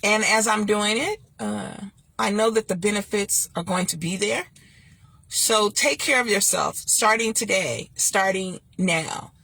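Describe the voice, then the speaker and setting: A woman, chatting casually and sassily to viewers, preachy at times and laughing loudly. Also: a little slow, gravelly, husky, no room sound. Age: 50s. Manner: sassy, preachy, laughs loudly and swoops high when joking. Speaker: host. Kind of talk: casual livestream chat.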